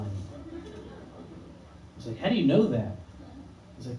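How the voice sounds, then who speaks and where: Stand-up comic, man, slightly high voice, echoey room with noise. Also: big pitch swings, slow, pauses often, mellow. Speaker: stand-up comedian. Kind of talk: stand-up comedy set. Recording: echoey room, far from mic, noisy.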